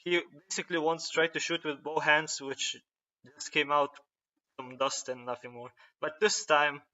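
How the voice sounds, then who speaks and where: A young man rambles through a casual story recap, pausing often to find his words. His voice sits a bit high and sounds bright and forceful. The recording is dull and lo-fi. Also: flat delivery. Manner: rambling, hesitant, many "uh" and restarts. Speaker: fan retelling a story.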